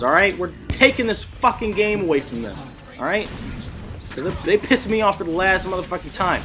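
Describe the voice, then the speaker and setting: A man with a high, bright voice calls out a video game from his desk mic, cursing at the enemy and hyping up his team. His pitch leaps wildly between low, grumbling mutters and sharp shouts. Faint game music runs underneath. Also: animated, fairly quick. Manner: trash-talking, profane, hyped, swings between mutters and shouts. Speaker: gameplay streamer. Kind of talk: excited live gameplay commentary. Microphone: desk mic at a gaming setup.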